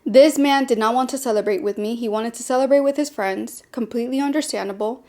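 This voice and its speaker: A young woman with a high voice talks straight to her listeners as a podcast host. She is blunt and animated, with sarcastic, sassy asides, in a candid personal chat about dating. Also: fast.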